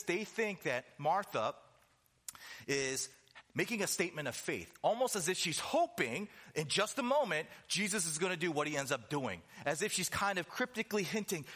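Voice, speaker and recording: A man preaching a sermon, emphatic, with rhetorical questions, conversational asides and slowed stressed phrases. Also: medium pitch, a bit bright.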